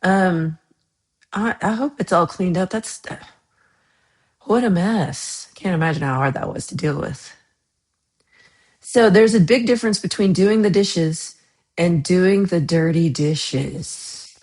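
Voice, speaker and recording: A woman's voice: mid-range voice, measured pace, long pauses, a little mellow. An American woman hosting a casual livestream, reading chat comments, laughing often and trailing off into mumbles. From United States. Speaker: livestream host.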